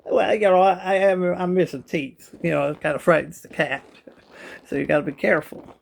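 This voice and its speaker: A man vlogs from a kitchen chair at home, filming himself on a phone. His voice sits a little high for a man and has a gravelly texture. He rambles from joke to joke and keeps addressing his viewers directly. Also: flat delivery, brisk. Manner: jokey, rambling, talks straight to viewers. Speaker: vlogger. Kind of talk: casual rambling vlog to camera.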